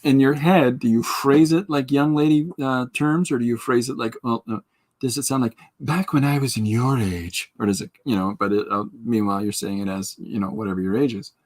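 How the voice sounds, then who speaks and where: A podcast host with a medium-pitched, steady, slightly mellow voice talks fairly quickly on a casual livestream. He draws while he chats, rambling and joking, and reads out viewer comments and answers them.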